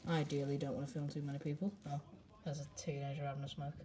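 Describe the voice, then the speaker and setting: A woman's voice: low voice, little pitch movement, racing. A young woman, hosting her own channel in a casual, rambling, cheeky way, full of fillers, talking to camera from a living room. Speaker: channel host. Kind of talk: casual live commentary. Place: indoor living room by a window. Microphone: handheld camera. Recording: noisy home camera audio with clicks.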